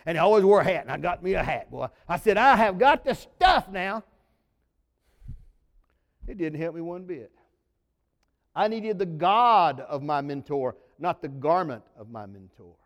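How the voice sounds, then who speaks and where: A male pastor preaching in a high, reedy tenor that rings through a reverberant hall. He tells folksy stories in a sermon, punching some words out loud and dropping others to a low murmur. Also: expressive, normal speed. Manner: folksy storytelling, swinging between loud emphasis and sudden low drops. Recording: long reverb of a large hall.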